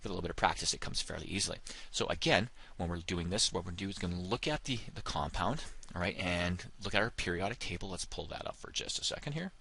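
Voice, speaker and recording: A man's voice: low-pitched, fast, creaky, sharp tone, slightly rough. A man teaching a chemistry lesson, explaining step by step with frequent fillers like "of course" and "all right.". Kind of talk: recorded classroom lesson.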